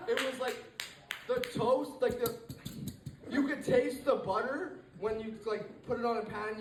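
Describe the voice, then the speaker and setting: A teenage man doing a rambling stand-up set, full of fillers and restarts, to a live room. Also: very high-pitched. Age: teens. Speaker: stand-up comedian. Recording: echoey room, mic far off.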